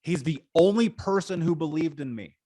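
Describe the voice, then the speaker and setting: A man in his thirties from Indiana, a guest in an interview, telling his life story in an animated, slangy way with some swearing. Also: on the high side, normal speed, no room sound, studio quality. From Indiana, USA.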